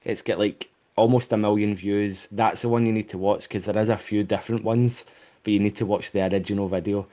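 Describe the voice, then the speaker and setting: Enthusiastic low-voiced man. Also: steady tone, fairly quick, mellow. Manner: upbeat, enthusiastic, swears casually. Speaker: podcast host. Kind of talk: casual podcast chat. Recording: remote call.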